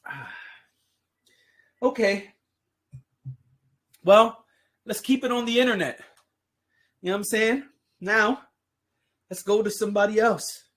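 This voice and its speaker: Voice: mid-range voice, takes it slowly, long pauses, a bit bright. A podcast host chatting casually on their own, full of playful jokes, sarcastic asides and frequent laughs. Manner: laughs often while talking. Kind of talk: casual solo podcast talk.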